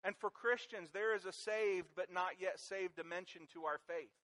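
A man pastor preaching a sermon to his congregation, animated and joking with them along the way. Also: high-pitched, moderate pace, rough recording. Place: church sanctuary.

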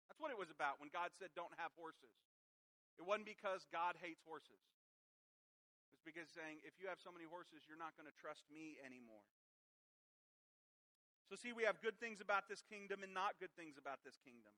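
A man's voice: high voice, moderate pace, sharp tone, poor audio. A man preaching a sermon who reads scripture aloud and then explains it with emphatic rhetorical questions. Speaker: pastor.

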